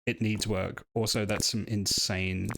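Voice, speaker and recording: A man's voice: on the low side, little pitch movement, measured pace, creaky, fairly bright tone, a little hiss or hum. A man from the United Kingdom streaming a game live, chatty and self-deprecating as he explains history between play. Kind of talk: casual live-stream commentary.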